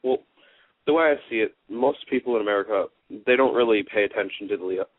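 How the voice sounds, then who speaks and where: A man's voice: lowish voice, a little fast, no echo. A man calling into a radio show, talking bluntly and casually with some swearing. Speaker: caller. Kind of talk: call-in radio chat. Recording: dry, tinny phone line.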